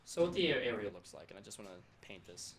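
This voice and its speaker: A man with a low voice narrates a tabletop role-playing game as game master, painting each scene quickly. He sounds like he is in an echoey room. Steady background noise runs behind him. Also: vocal fry.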